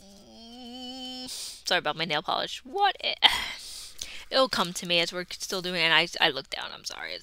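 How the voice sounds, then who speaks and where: A woman in a casual card-opening vlog, chatting and murmuring to herself, then bursting into excited squeals. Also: on the low side, unhurried, no room sound. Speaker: YouTube creator.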